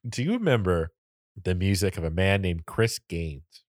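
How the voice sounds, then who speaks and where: A man with a Florida accent talks loosely on a podcast, rambling and joking and laughing often. His voice sits low. The sound is dry and close, with no room around it. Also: big pitch swings, normal speed, no echo. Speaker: podcast co-host. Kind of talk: casual chat.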